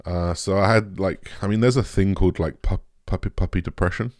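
A young man speaks in a very low, deep voice, recorded dry and close with no room sound. He talks candidly to his audience, emotionally shaken, halting and restarting his sentences and swearing freely. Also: steady tone, dry recording. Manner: raw, halting, swears often, many restarts and trailing off. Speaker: vlogger. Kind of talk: candid personal talk to camera.

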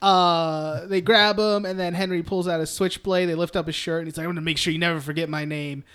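A young man co-hosting a casual film podcast, recapping scenes, swearing freely and acting out characters in quick voices. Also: a little high, fairly even intonation, fairly bright tone, smooth. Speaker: podcast co-host.

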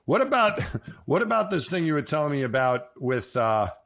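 An American man co-hosting a casual podcast chat, easygoing and quick to laugh along with his guest. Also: fairly high pitch, big pitch swings, creaky, a bit bright. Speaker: co-host, public speaker.

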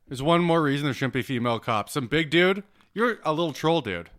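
Bright-voiced young man joking crudely. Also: fairly high pitch, expressive, a little fast. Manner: laughs often, crude joking. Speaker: podcast co-host. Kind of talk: casual podcast banter.

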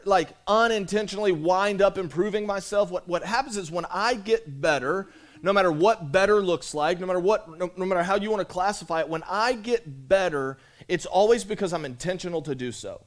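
A man's voice: high-pitched, fairly quick. Chatty pastor preaching to his church. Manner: conversational, repeats himself, calls out to the congregation. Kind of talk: sermon. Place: church sanctuary.

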